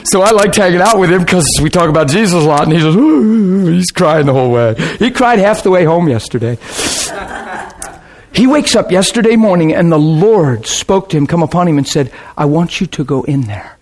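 A pastor preaches to his congregation in a chatty, rambling storytelling way. His voice is slightly higher than most men's, and it swings from quiet low asides to excited, raised bursts. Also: brisk. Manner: casual, rambling, with restarts and laughter. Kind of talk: sermon storytelling.

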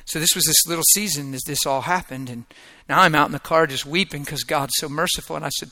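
A middle-aged man preaching a personal testimony, moving from hushed, whispered prayer to loud, emphatic exclamations. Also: a little high, fast talker, hardly any pauses. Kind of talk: sermon testimony.

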